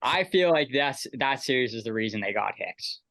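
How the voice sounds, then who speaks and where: A man co-hosting a sports podcast, bantering in easygoing talk full of rambling restarts. His voice is bright and forceful, and the recording is dry with no room sound. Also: mid-range voice, lively intonation, normal speed, creaky, no room sound. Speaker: podcast co-host. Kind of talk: casual sports chat.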